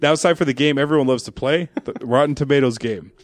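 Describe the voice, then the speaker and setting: A man's voice: mid-range voice, no room sound. A man hosting a casual podcast, running a quiz game and reading out movie trivia. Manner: fast, reads trivia and game rules.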